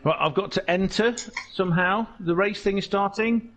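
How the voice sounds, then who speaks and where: A man's voice: high-pitched, moderate pace, a bit bright, slight background noise. A man chatting and joking casually while hosting an online race stream. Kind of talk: casual chat during online racing.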